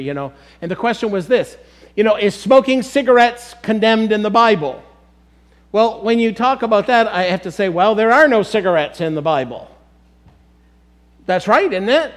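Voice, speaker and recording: High-voiced man preaching a sermon. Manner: emphatic preaching, addresses congregation as folks. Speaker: pastor.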